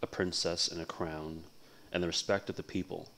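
A deep-voiced man reads a fantasy novel aloud for a livestream audience. He takes it easy, breaks off to chat casually between passages, and keeps his very low voice relaxed throughout. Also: moderate pace, vocal fry, slight background noise. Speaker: livestream book reader. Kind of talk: reading a novel aloud, casual cold read.

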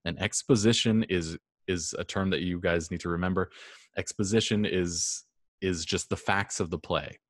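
Low-voiced man teaching a casual lecture. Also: steady tone, moderate pace, dry recording, studio quality. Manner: casual, rambling with frequent um and restarts. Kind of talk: classroom lecture.

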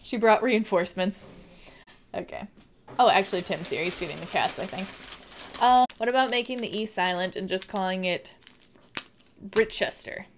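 A woman's voice: medium pitch, moderate pace, a little hiss or hum. A woman chatting casually and playfully on a live stream, now and then baby-talking to her dog.

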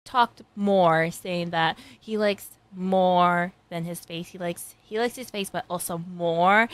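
A young woman reacting to an anime episode, gushing, squealing and laughing, then chatting casually to her viewers. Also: mid-range voice. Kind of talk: excited reaction commentary.

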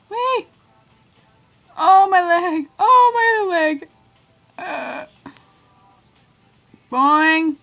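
A woman's voice: mid-range voice, low-quality recording. A woman doing let's play commentary, yelping and squealing as she reacts to the game. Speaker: gamer.

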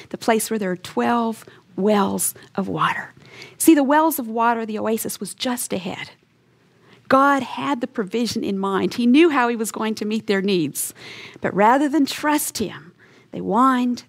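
A woman's voice: a little high, gravelly. A woman teaching a Bible lesson in an earnest, emphatic storytelling way, acting out short quotes as she goes. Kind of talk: teaching sermon.

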